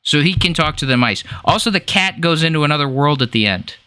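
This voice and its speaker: A man's voice: fairly high pitch, animated, fairly quick, pushed and bright, clear, resonant tone. A young man co-hosting a podcast, riffing and swearing in casual chat. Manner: joking, profane, riffing. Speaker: podcast co-host.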